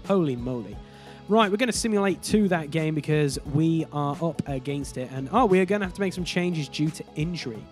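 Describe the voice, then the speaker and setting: A man's voice: fairly high pitch, lively intonation, a little fast, hardly any pauses, darkish tone, soft background music. Exasperated man narrating his hockey game. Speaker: gaming YouTuber. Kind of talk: casual let's-play commentary.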